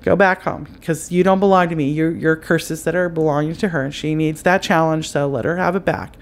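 A woman's voice: sits low, steady tone, fairly quick. A middle-aged woman hosting an advice podcast, chatting casually and repetitively through spiritual instructions and calling the listener honey.

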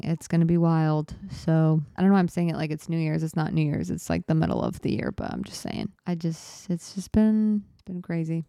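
A woman's voice: on the low side, dark tone, clear, resonant tone, no echo, studio quality. A young woman hosting her own podcast, opening up about her life in an earnest, reflective way, with lots of fillers and restarts. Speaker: podcast host. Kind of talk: reflective solo podcast talk.

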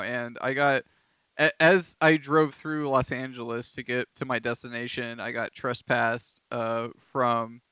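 Bright, clear-voiced man hosting a podcast. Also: medium pitch, no room sound. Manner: laughing storyteller, filler-heavy. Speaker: podcast host. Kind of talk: casual chat. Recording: dull lo-fi dry sound.

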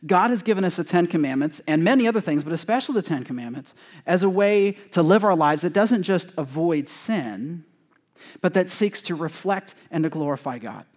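A high-voiced male pastor preaching to his congregation in a church. He talks casually and jokes with the people, and he acts out the lines he quotes with a lot of life. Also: moderate pace. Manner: conversational and joking with the congregation; animated, acting out quoted voices. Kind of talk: sermon. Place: church sanctuary before a congregation.

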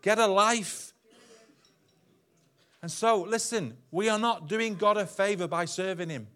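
A male pastor delivering a lively sermon. His voice sits a little high, and he swings from loud, emphatic declarations to low, hushed asides. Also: normal speed. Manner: animated preaching with big swings in loudness. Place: church hall.

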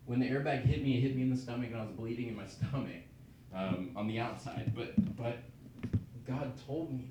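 A man sharing an earnest personal testimony and short sermon, with frequent ums and restarts. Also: medium pitch. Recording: echoey, distant, noisy room recording.

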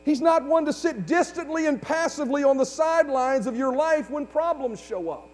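High-voiced preaching man in a reverberant hall. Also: normal speed. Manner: preaching with rising fervor, call-and-response with congregation. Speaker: pastor. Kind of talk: sermon. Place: church sanctuary. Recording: hall reverb with faint mains hum.

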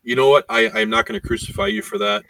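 A man's voice: high-pitched, steady tone, fast, vocal fry, pushed and bright. A man co-hosting a casual podcast chat, talking in a rambling way with many fillers. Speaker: podcast co-host. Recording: voice distant from the mic.

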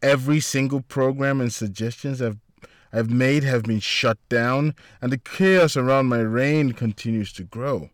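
A man voicing a calm, composed female police superintendent who speaks in a measured way. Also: mid-range voice, no room sound, clean studio sound, close to an everyday voice.

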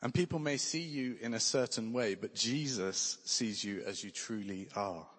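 Male preacher, earnest and conversational, mid-pitched voice, long hall reverb. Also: a bit bright, slightly rough. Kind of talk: sermon.

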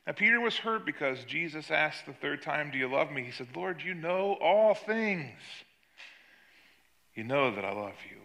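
A man's voice: big pitch swings, unhurried, long pauses, pushed and bright. An older man, a pastor, preaching a sermon and telling a story about his granddaughter. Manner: storytelling, acts out quoted voices with rising pitch.

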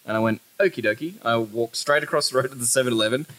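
A man's voice: mid-range voice, steady tone, racing, a bit bright, rough recording. A man in his thirties with an Australian accent, a podcast co-host telling stories in casual chat, swearing freely and breaking into laughter.

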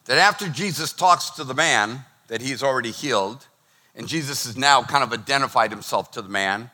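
A middle-aged man preaching a sermon as pastor, lively and acting out the voices he quotes. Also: medium pitch, fairly quick. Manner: animated, acts out quoted voices.

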